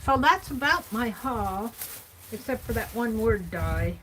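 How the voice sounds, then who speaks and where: A woman vlogger casually chatting through her craft supply haul and tallying up prices out loud as she thinks. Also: a little high, lively intonation, a little slow, slight background noise, rough recording.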